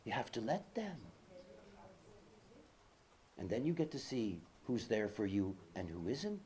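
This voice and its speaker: Here a man with a lowish, dark voice speaks at a measured pace yet sounds very animated. He's delivering a loose, story-filled lecture, drifting off on tangents, using lots of fillers, and repeating important words for effect.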